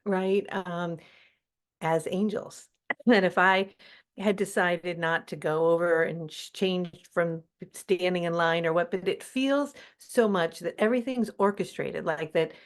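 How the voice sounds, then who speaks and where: A woman's voice: on the low side, unhurried. A woman hosting a video call, chatting casually and telling a long anecdote with lots of fillers and acted-out dialogue. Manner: chatty and animated, many fillers and quoted dialogue. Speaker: spiritual teacher hosting a call.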